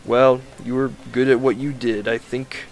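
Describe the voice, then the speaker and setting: A man's voice: mid-range voice, little pitch movement, moderate pace, lightly acted. A man mocking a smug, cruel mentor. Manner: smug, demanding. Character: arrogant bossy male mentor, cruel and self-satisfied.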